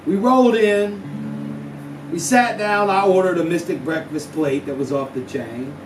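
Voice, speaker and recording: The voice is high and fairly even in intonation, a little slow. He's a musician on stage at a small house-show venue, drawling out a comic story full of slang and exaggeration. It's recorded from a distance in an echoey room, with guitar and live music behind him.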